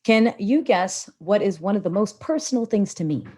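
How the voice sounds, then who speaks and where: A woman hosting a live webinar as a public speaking coach. She teaches with animated, expressive delivery and wide swings in tone, speaking into a laptop on a video call. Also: mid-range voice, normal speed.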